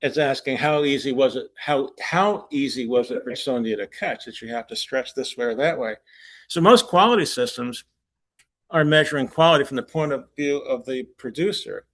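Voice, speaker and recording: A conference presenter with a mid-range, slightly bright voice speaks at a moderate pace. He tells anecdotes loosely and conversationally at a forum, restarting sentences and chuckling at his own punchlines.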